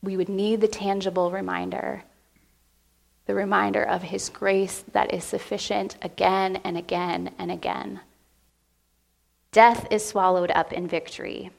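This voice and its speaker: Woman pastor, sermon delivery, unhurried and gravelly, heartfelt and moved. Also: medium pitch, level tone. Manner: emotional, heartfelt preaching with pauses. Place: church sanctuary.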